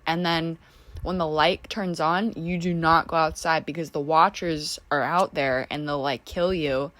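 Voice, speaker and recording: A woman's voice: deep voice, fairly even intonation, measured pace, fairly bright tone, no room sound. A young American woman vlogger chatting casually while she draws, rambling with lots of "like" and restarts. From United States. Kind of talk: casual chat while drawing.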